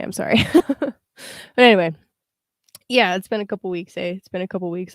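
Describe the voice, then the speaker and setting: A young woman talks through an astrology chart on a casual livestream, stopping to greet viewers by name. Her voice sits a little low and sounds dry and close, with no room around it. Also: a little fast, long pauses, no room sound. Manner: chatty, greets live viewers, frequent fillers. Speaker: astrologer and tarot livestream host.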